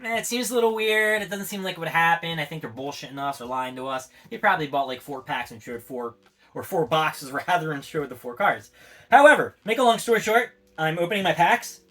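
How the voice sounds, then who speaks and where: A man ranting casually as a vlogger, excitable, swearing freely and adding little sound effects as he goes. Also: a little high, fairly quick. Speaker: collectibles vlogger. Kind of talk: casual rambling monologue.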